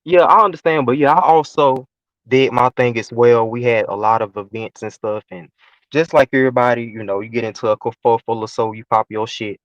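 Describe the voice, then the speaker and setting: A man's voice: mid-range voice, fairly even intonation, fairly quick, no room sound, highs cut off. A man talking as a guest on a casual live stream panel, explaining himself defensively.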